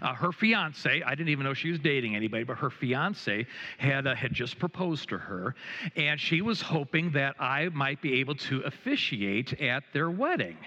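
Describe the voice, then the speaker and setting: Bright-voiced middle-aged pastor preaching. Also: male voice, mid-range voice, sing-song, normal speed, in a large hall, highs cut off. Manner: hesitant, frequent filler sounds and restarts, gently humorous. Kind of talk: sermon with personal anecdote. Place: church sanctuary.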